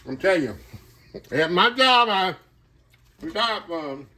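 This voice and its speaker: Speaking in a high voice and taking his time, a middle-aged home cook and kitchen manager chats excitedly through a casual cooking vlog. The camera rests on a tripod in his indoor home kitchen, and he keeps addressing his viewers as "y'all."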